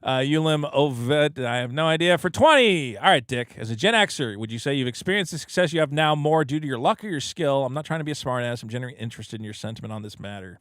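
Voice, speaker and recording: Lively, bright-voiced male podcast co-host. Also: medium pitch, fast talker, few pauses, no room sound, clean studio sound. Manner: crude joking, reads listener messages aloud. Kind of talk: casual podcast banter.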